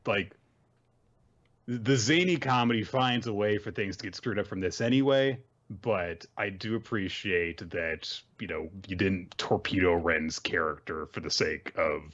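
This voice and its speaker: A man's voice: low-pitched, measured pace, fairly bright tone, muffled recording. A man hosting a podcast, giving a chatty, casual manga recap and acting out quotes as he goes. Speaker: podcast host.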